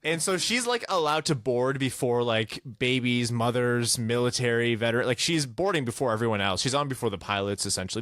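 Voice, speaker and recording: A man co-hosting a casual hockey podcast, ranting with animated, self-mocking humor. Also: medium pitch, no echo, studio quality. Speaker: podcast co-host.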